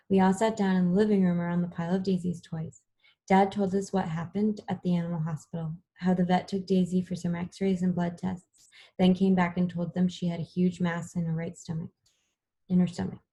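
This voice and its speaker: Soft-spoken, husky woman audiobook reader. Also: on the low side, little pitch movement, fairly quick, poor audio. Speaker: audiobook narrator. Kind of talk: first-person audiobook narration.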